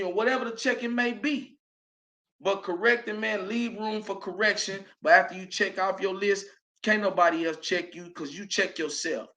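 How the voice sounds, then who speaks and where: A man with a Southern US accent hosting a show, giving an emphatic motivational monologue that rises now and then to shouting. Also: high voice, fairly even intonation, moderate pace. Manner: preachy and emphatic, rising to shouts. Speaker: show host.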